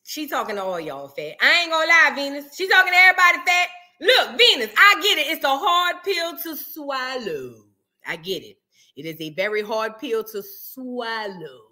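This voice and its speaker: A woman hosting a reaction video, teasing and animated, repeating lines for comic effect in casual commentary. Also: high voice, normal speed.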